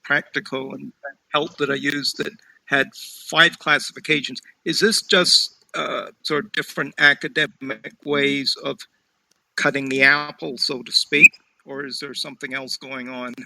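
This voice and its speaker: Slow, gravelly man with a bright voice. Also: medium pitch, flat delivery, rough recording. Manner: slow, careful questions. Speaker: student. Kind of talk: asking questions in an online class. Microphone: video call.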